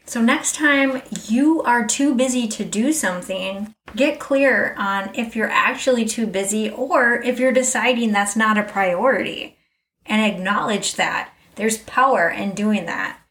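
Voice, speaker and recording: A woman's voice: a little high, unhurried, fairly bright tone, far from the mic. A middle-aged woman hosting a podcast, speaking candidly and reflectively straight to her listener. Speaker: podcast host. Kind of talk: personal reflective monologue. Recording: roomy echo, a little off mic.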